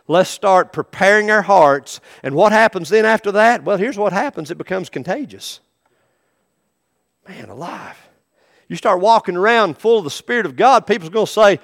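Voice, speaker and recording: A middle-aged man preaching a sermon as pastor, animated, acting out the people in his stories. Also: high voice, a little fast. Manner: animated preaching, acts out quoted voices.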